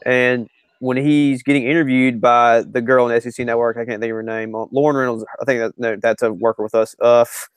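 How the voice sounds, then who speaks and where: A man's voice: medium pitch, flat delivery, fairly quick, smooth, no room sound. A man co-hosting a casual sports podcast, talking through his thoughts and often correcting himself. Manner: rambling, self-correcting. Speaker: podcast co-host and writer.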